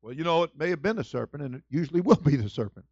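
A man preaching a sermon as senior pastor, with a lively storytelling manner that swings from loud to soft. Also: on the high side, very fast, breathy edge, no room sound, muffled recording.

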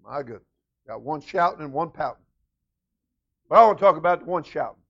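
A man preaches a sermon as senior pastor in a church. His voice sits high and gravelly and swings widely as he calls out to the congregation. The recording sounds muffled and lo-fi. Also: fairly quick. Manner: animated preaching with call-outs to the congregation.

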